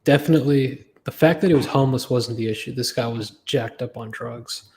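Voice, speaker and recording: A man's voice: mid-range voice, a little fast, darkish tone. A man hosting a casual watch chat, swearing freely and acting out the voices in his stories. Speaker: podcast host.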